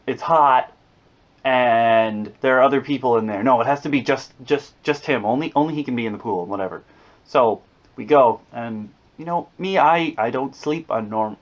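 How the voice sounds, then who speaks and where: Young adult male vlogger, mid pitch, animated storyteller who trips over his words. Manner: animated, jokey, with repeated restarts. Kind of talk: casual storytelling monologue.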